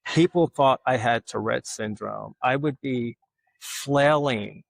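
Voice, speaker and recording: A man's voice: medium pitch, slow pace, creaky, dry recording, poor audio. A man, a guest telling rambling, self-mocking stories in casual interview chat. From Alabama. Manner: rambling, self-mocking storyteller who acts out quoted voices. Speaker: guest artist.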